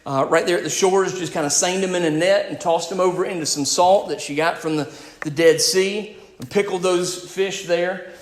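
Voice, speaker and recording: A man preaches a sermon as a pastor, addressing his congregation directly with emphatic delivery that swings between loud and quiet. His voice sits high and steady, at a moderate pace, in an echoey room.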